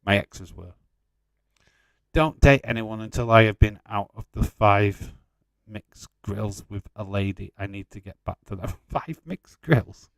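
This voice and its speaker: Man, live watch-along host, teasing and chatty, smooth clear voice, dry close sound. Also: on the low side, steady tone, measured pace, dry recording. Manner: chatty, teasing, swears freely. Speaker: watch-along host reading viewer chat. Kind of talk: casual live commentary and chat.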